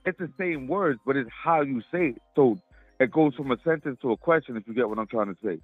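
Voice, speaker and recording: A man's voice: mid-range voice, brisk, dry recording, faint music behind. A man calling into a show, explaining in a laid-back, slangy way with lots of fillers. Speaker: caller. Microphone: phone call. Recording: tinny phone line.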